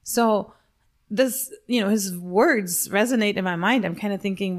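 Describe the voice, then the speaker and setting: A woman's voice: mid-range voice, steady tone, moderate pace. A woman in her forties co-hosting a podcast, telling a race story in casual chat and laughing at herself. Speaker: podcast co-host.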